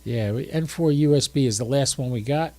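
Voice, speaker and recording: A man's voice: medium pitch, a little fast, warm tone, no room sound. A drowsy, tired man hosting a casual livestream, chatting and thinking aloud as he works his ham radio gear. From United States.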